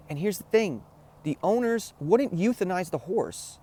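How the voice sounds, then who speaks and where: A man's voice: on the high side, very animated, normal speed, mellow, a little hiss or hum. A man hosting a spiritual talk, telling a personal story in an earnest, emotional way, repeating phrases and checking in with the listener. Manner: earnest, repeats phrases, keeps asking "right?".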